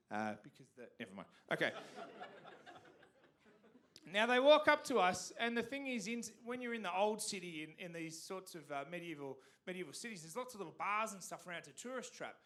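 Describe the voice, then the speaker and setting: Lively Australian man doing stand-up. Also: high voice, normal speed, pauses often. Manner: animated, rambling, profane. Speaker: stand-up comedian. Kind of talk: stand-up comedy storytelling. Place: community theatre stage.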